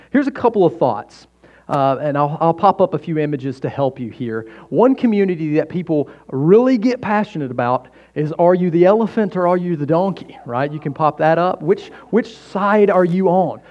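A man's voice: fairly high pitch, a little mellow, dull audio. A man preaching a sermon in a folksy, joking manner, often checking in with "right?". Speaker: pastor.

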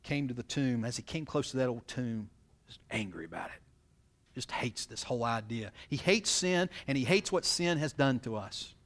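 A man's voice: mid-range voice, expressive, normal speed, fairly bright tone. Guy preaching a sermon, reads a verse then unpacks it, keeps asking the crowd stuff. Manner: expository, reads scripture then explains it; asks the congregation rhetorical questions. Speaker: pastor.

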